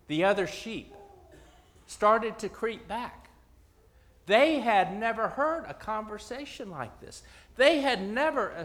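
A man telling a parable in a sermon, dramatic, with long pauses and swings from loud to hushed. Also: high voice, big-room sound.

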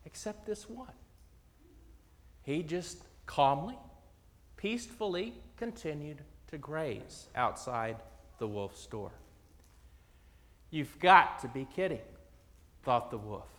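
A man telling a parable in a sermon, dramatic, with long pauses and swings from loud to hushed. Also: high voice, in a large hall.

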